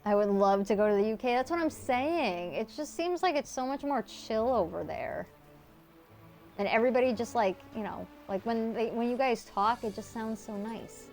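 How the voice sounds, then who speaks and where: A woman's voice: on the high side, expressive, normal speed, a little mellow. A woman in her thirties live-streams a game and talks straight to her chat. Her delivery is loose and rambling, with casual swearing and lots of filler. Faint game music plays underneath. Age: 30s.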